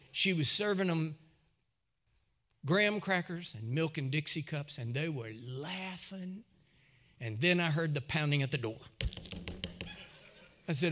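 Animated, bright-voiced male preacher. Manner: animated, acts out quoted voices with big pitch jumps. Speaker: pastor. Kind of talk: humorous storytelling sermon.

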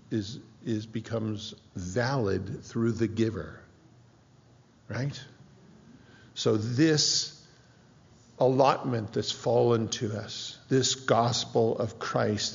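A man's voice: mid-range voice, extremely slow, gravelly. A middle-aged man preaching a sermon as pastor, emphatic, repeating phrases and restarting sentences. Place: church hall. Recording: dull sound with long hall reverb.

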